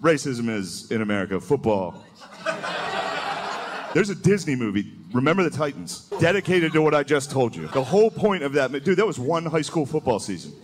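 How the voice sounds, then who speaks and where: A man in his thirties doing stand-up comedy on a club stage, telling crude stories in a deadpan way and slipping into mocking voices. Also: fairly high pitch, brisk, a crowd in the background. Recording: live stage recording with audience noise. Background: audience laughter.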